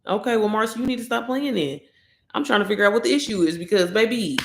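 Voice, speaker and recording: A woman chats on a casual livestream, excitable and talking straight to her viewers. Her voice sits in a middle pitch. The sound bounces around an echoey room. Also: fast. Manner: excitable, chatty, addresses viewers directly. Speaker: online course promoter.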